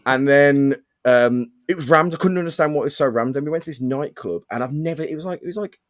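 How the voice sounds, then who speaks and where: A man's voice: fairly high pitch, fast, no room sound, studio quality. A young man from the of England, chatting casually and telling rambling stories with plenty of swearing. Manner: rambling storyteller, swears freely. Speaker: podcast host. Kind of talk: casual chat.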